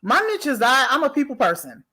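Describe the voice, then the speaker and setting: A woman from New York with a New York accent, a podcast co-host talking in a casual interview, direct and blunt and quick to laugh. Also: high voice, very animated, bright, forceful tone.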